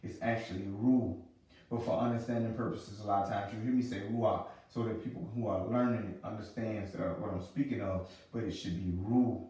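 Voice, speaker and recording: A man teaching pronunciation, repeating each sound slowly and patiently. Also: lowish voice, steady tone, mellow. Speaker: religious language teacher. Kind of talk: teaching a lesson. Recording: roomy sound from a distant mic.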